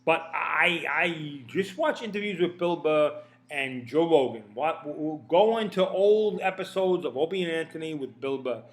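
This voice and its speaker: A man's voice: on the high side, expressive, normal speed. A man giving a casual opinion rant, rambling and profane, often stammering and repeating words. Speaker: commentator.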